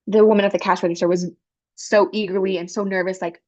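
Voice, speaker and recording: Animated woman interpreter telling a story. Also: fairly low pitch, quick pace, lo-fi sound. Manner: animated, expressive, breaks into character voices. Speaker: sign language interpreter voicing a panelist. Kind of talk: storytelling at a panel.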